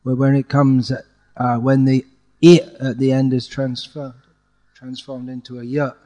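A man teaching a student to chant Sanskrit verses, correcting pronunciation patiently and chanting lines slowly to demonstrate. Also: medium pitch, little pitch movement, warm tone. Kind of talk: one-on-one chanting lesson.

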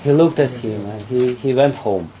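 A man giving a spiritual talk and telling a parable. He speaks haltingly, repeats words, and often breaks into laughter. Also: medium pitch, dark tone. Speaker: spiritual teacher. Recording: dull, faint background noise.

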